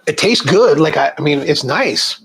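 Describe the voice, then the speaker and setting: A middle-aged American man hosting a coffee video, chatting casually with rambling, animated asides. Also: on the high side, normal speed, slight background noise, poor audio. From United States. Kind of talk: casual chat to camera.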